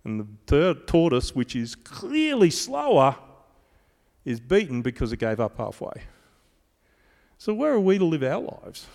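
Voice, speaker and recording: A man delivering a sermon in an animated, conversational way, telling stories to his congregation. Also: medium pitch, moderate pace, gravelly. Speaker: preacher. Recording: reverberant hall.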